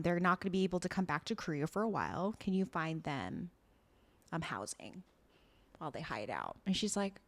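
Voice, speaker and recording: Podcast co-host, female, lively recap style with quick character voices. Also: fairly low pitch. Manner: animated, acts out characters' lines in quick voices. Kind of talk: casual recap chat.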